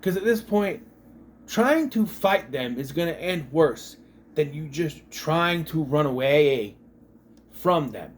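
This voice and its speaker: A man's voice: a little high, a little hiss or hum. Exasperated man ranting about a movie. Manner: exasperated, swears freely, yells mock lines from the film. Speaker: movie reviewer. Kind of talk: casual movie review rant.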